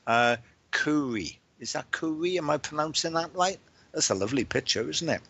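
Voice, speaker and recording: A man's voice: fairly high pitch, animated, normal speed, gravelly, fairly bright tone, husky. A man from Wales, a medium hosting a livestream, chatting casually and greeting viewers by name, often repeating words and restarting his sentences.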